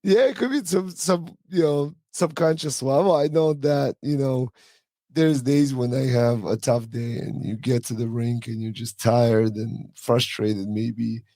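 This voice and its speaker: A man's voice: mid-range voice, a little slow, dry recording, studio quality. A man hosting a podcast as a coach, telling stories casually with lots of fillers and restarts. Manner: relaxed storytelling with many fillers and restarts. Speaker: hockey coach and podcast host. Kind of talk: casual conversational interview.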